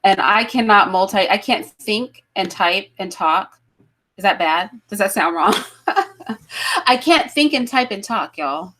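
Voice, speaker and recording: A woman hosts a casual livestream talk show, greeting callers and her chat as she goes. She is chatty, laughs easily and thinks out loud in a voice of ordinary pitch. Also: lively intonation, takes it slowly.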